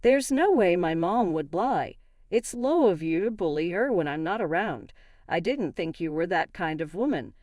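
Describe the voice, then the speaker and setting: A woman's voice: on the low side, animated, moderate pace, a little mellow, no echo, studio quality, natural voice. A woman voicing an angry husband who always sides with his mother, speaking in an accusing, bossy way.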